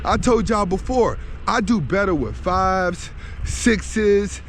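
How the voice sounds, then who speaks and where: A man's voice: high voice, animated, slow, a little hiss or hum. A young man giving blunt, emphatic dating advice outdoors while walking his dogs. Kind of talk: direct advice monologue.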